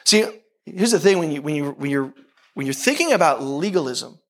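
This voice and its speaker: A man preaching a casual, conversational sermon, tossing in "right?" asides, restarting phrases and swinging between quick bursts and slow emphasis. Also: fairly high pitch. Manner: animated, talks to the crowd with frequent "right?" asides; self-deprecating, repeats and restarts phrases. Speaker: pastor.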